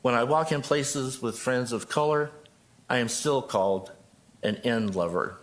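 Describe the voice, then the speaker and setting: A man's voice: mid-range voice, unhurried. A man in his sixties from Joplin, a pastor giving a prepared, earnest statement at a city council podium microphone. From Joplin, Missouri. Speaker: pastor speaking at public comment.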